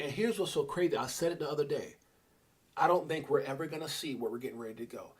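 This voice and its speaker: Middle-aged male livestream host, husky and higher-pitched, preachy and fired up, shouts out his chat. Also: quick pace. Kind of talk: energetic motivational livestream rant.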